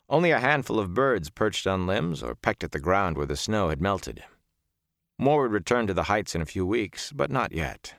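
A man narrates a fantasy novel in a steady, measured way. His voice sits very low. The close studio recording is dry, with no room sound. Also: gravelly, no echo. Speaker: audiobook narrator.

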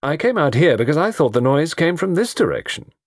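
A man voicing a calm, wry man of thirty-five in a storybook reading. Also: fairly high pitch, a little fast, no room sound, studio quality, pitched above the performer's own voice.

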